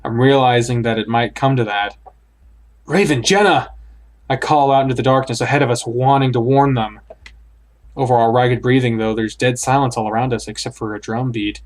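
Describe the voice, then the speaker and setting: A man's voice: mid-range voice, flat delivery, a little fast. A man reading a horror visual novel aloud in the first person, acting it out and blurting out startled reactions. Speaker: let's play host.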